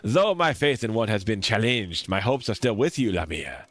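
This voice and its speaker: A man's voice: lowish voice, lively intonation, faint music behind. A man putting on a sorrowful mourner with a French accent. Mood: mournful. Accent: put-on French. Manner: slow, dramatic, stumbling reading.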